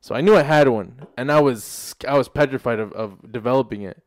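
A man's voice: medium pitch, brisk, no echo, studio quality. A man in casual podcast chat, chiming in often and calling people dude. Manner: supportive backchanneling, says dude a lot. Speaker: podcast co-host.

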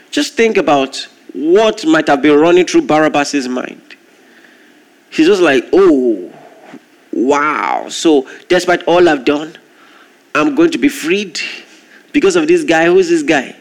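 A man preaching a sermon, telling a story with lively, animated delivery and acting out the voices in it. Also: on the high side.

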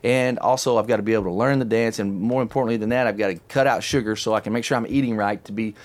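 A middle-aged man hosting a casual chat, telling a long story in an animated, chatty way and laughing often. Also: on the low side, racing. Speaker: podcast host telling a story.

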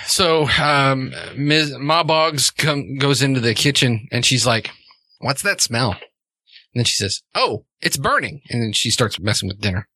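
A man runs a tabletop game, narrating casually with plenty of fillers. His voice is bright and forward. The sound is dry and close. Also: mid-range voice, fairly even intonation, measured pace, dry recording. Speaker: game master.

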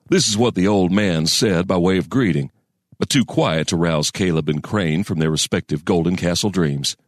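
A man narrating a western story in a folksy storyteller cadence with deliberate pauses. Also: deep voice, no room sound, studio quality. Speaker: audiobook narrator.

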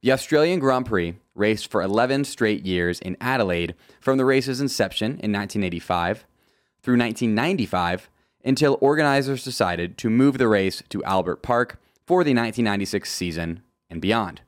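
A man's voice: fairly low pitch, animated, normal speed, dry recording, studio quality. A man hosting a solo motorsport podcast, reading from a script with jokey, self-deprecating asides. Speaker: podcast host.

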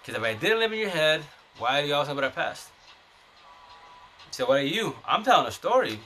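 A man's voice: fairly high pitch, sing-song, fairly quick, sharp tone, faint music behind. A man hosting a live stream, ranting about his relationship in a blunt, combative, profane way. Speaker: TikTok live host. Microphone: phone mic.

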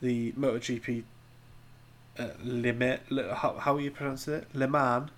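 A man's voice: medium pitch, steady tone, a little slow, fairly bright tone. A man co-hosting a casual podcast, talking in a laid-back, joking way. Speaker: podcast co-host. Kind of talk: casual chat.

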